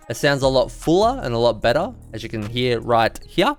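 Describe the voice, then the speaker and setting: A man's voice: mid-range voice, a little fast. A young man, a music producer, casually walking through how he built a melody in a beat-making tutorial. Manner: relaxed, explanatory, casual phrasing.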